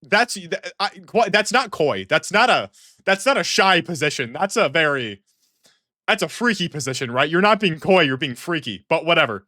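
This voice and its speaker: A man's voice: a little high, sing-song, moderate pace, sharp tone, no echo, clean studio sound. A man giving comedic reaction commentary in an exasperated, rambling way, often restarting sentences. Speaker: online commentator.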